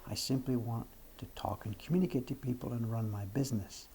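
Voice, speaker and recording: Gravelly older man in his seventies. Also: medium pitch, a little fast, mellow, a little hiss or hum. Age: 70s. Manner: frank, self-deprecating, practical. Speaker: livestream host. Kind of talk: casual livestream chat answering viewers.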